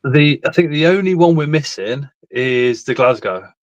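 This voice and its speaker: A middle-aged man co-hosting a casual live stream, telling rambling stories with plenty of swearing and laughter. His voice sits at an ordinary pitch and sounds dry and close, with no room around it. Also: expressive, normal speed, no echo, dull audio. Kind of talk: casual chat.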